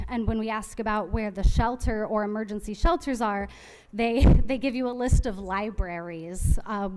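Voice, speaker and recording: A woman's voice: a little high, a little mellow, long reverb tail. Sarcastic woman giving public comment. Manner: sarcastic and scolding. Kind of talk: public comment at a council meeting.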